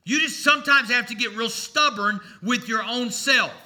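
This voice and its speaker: A man's voice: very high voice, moderate pace, pushed and bright. A man preaching a sermon to his congregation in a folksy, emphatic way, mixing humor into his message. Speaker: pastor. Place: church before a congregation.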